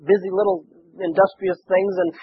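A man's voice: sits high, level tone, normal speed. Man, pastor, sermon, scripture quotes, faint hiss behind. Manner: preaching with rising fervor, quoting scripture. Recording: tinny phone-like broadcast with faint noise.

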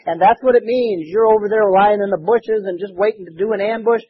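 A man's voice: sits high, fairly quick, husky, narrow, tinny audio. A man preaching a rambling, folksy sermon full of restarts. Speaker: pastor.

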